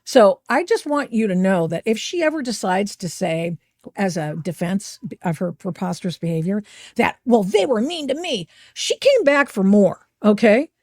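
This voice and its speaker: Animated sarcastic woman podcast host. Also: mid-range voice, moderate pace, dry recording. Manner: sarcastic, animated, mocking voices she quotes. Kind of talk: opinionated commentary over video clips.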